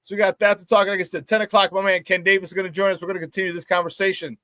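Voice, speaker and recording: A man hosting a casual sports talk show, telling stories excitedly with many restarts and repeated words. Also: sits high, racing, no room sound.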